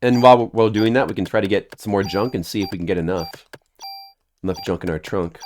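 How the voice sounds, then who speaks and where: A man's voice: lowish voice, fairly even intonation, fast, darkish tone. A man streaming a video game who rambles in a goofy, joking way and talks to his chat. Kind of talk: casual game-stream chatter.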